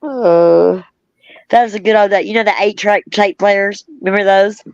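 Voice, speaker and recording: A woman's voice: mid-range voice, steady tone, moderate pace, a little mellow, clean tone, no room sound. A middle-aged woman hosting a casual chat, reminiscing in a rambling way, laughing often, and reading out viewer comments. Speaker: host. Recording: dull, lo-fi.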